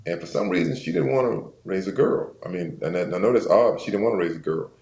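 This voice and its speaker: A man, a retired football player, casually telling stories as a guest in an interview, animated and acting out the voices of the people he quotes. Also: deep voice, quick pace. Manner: animated storyteller who acts out quoted voices. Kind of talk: casual storytelling chat. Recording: roomy echo, faint background noise.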